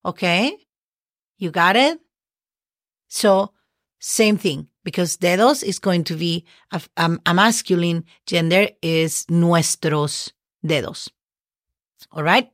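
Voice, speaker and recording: A woman's voice: on the low side, measured pace, fairly bright tone, dry recording, studio quality. A woman hosting a podcast language lesson, patiently spelling words letter by letter and checking in with "okay?". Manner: checks in often with "okay?" and "right?". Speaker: Spanish teacher and podcast host.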